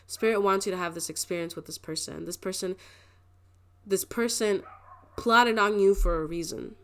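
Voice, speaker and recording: A woman's voice: medium pitch, normal speed, fairly bright tone. A woman giving a casual tarot card reading to her viewers. She talks in a rambling, emotional way, laughing often and filling her speech with "like". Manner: rambling, emotional, with frequent laughs and filler words. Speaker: tarot reader.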